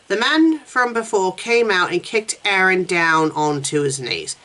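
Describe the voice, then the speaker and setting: A woman's voice: lowish voice, big pitch swings, moderate pace, few pauses, a bit bright, rough recording. A woman reading fanfiction aloud in her normal voice, with no character voices. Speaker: fanfiction reviewer.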